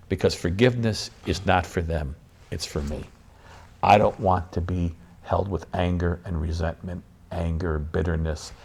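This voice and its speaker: Low-voiced male priest, guest spot, earnest, repetitive preacherly cadence. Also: vocal fry, darkish tone, husky. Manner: earnest, preacherly, builds emphasis through repetition. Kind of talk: interview talk about forgiveness.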